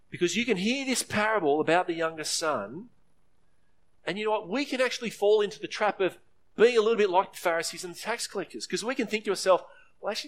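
A pastor preaches earnestly, briefly acting out the voices in his story. He delivers the quoted lines with a rising pitch.

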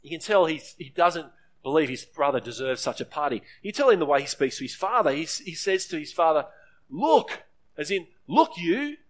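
A man delivers a sermon in an earnest, steady preaching voice. His pitch sits a little high for a man. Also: a little fast, few pauses. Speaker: pastor.

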